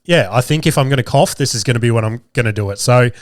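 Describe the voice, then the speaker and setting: The voice is medium-pitched and quick, captured in a dry, close recording. It's a man in his thirties hosting a jokey, rambling comedy podcast, swearing and cracking crude jokes while a lingering cold leaves him slightly stuffy-nosed.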